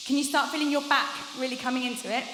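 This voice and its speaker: Leading a live vocal masterclass in a large, echoey conference hall with long reverb, a young coach chats encouragingly and laughs often as she shows the exercises. Her voice sits high with fairly even intonation and a quick pace. Background noise can be heard.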